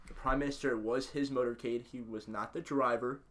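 A man co-hosting a podcast from his own house, telling a first-hand story with wry, deadpan asides and halting restarts. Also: mid-range voice. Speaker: podcast co-host. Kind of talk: casual chat.

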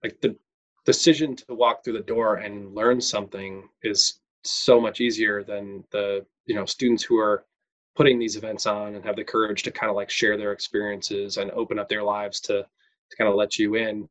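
A man's voice: lowish voice, little pitch movement, normal speed, a bit bright, no room sound, poor audio. A man from Wisconsin, a guest on a podcast, speaking earnestly with loose fillers. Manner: earnest, loose with "you know" and "like". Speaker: guest, recent MBA graduate. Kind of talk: conversational interview.

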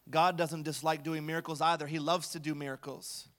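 Man, pastor, high voice, chatty preaching with humor, echoing hall. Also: little pitch movement, brisk, a bit bright. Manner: conversational storytelling with light humor. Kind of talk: sermon.

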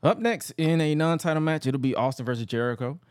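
A man co-hosting a podcast, casually recapping an old wrestling show, animated and laughing often. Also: a little fast, smooth, no echo, studio quality. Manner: animated storyteller, laughs often, jumps into high mocking voices for quotes. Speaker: podcast co-host.

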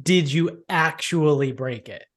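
A man asking blunt, casual questions and laughing along in a relaxed chat. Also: on the high side, a little slow.

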